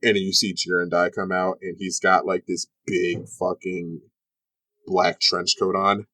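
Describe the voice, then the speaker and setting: Low-voiced rambling game master. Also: male voice, flat delivery, measured pace, bright, forceful tone, dry recording. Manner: rambling, full of "like" and fillers. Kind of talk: narrating a tabletop game.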